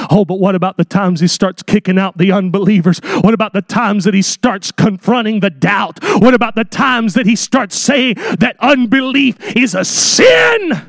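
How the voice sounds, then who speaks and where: High-voiced preacher with a dry, close sound. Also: male voice, no echo. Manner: dramatic, acts out voices, rising to shouts. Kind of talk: sermon.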